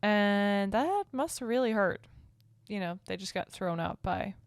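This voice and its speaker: A woman's voice: medium pitch, animated, unhurried, clear, resonant tone, no room sound, clean studio sound. Curious, giggly woman. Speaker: podcast co-host. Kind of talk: casual chat.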